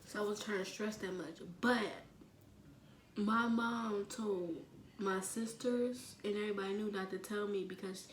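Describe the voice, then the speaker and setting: Slow, halting young woman in echoey room. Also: medium pitch, fairly bright tone, distant mic. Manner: halting, full of fillers, drops to near whisper. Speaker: vlogger. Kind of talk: emotional personal storytelling. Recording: echoey room with faint ambient noise.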